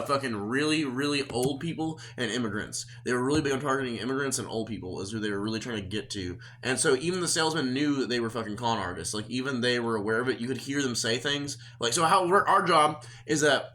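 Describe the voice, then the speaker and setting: Fast-talking, cursing Oklahoma man. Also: mid-range voice, pushed and bright. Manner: profane, rambling storytelling. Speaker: podcast host. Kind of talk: casual chat.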